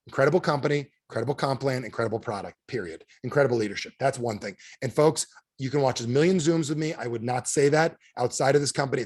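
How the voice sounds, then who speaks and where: A male sales trainer speaks on a video call, telling stories and constantly asking his listeners questions. His voice sits a bit high and swings widely as he rushes along. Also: dry recording, studio quality. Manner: storytelling, peppered with audience questions. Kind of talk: motivational talk.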